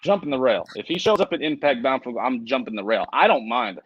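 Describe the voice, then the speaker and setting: A man's voice: mid-range voice, expressive, fairly quick, fairly bright tone, slightly rough, no room sound, dull audio. A man co-hosting a casual livestream chat, swearing freely and reading viewer comments aloud. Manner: profane, rambling, reads viewer comments aloud. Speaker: co-host.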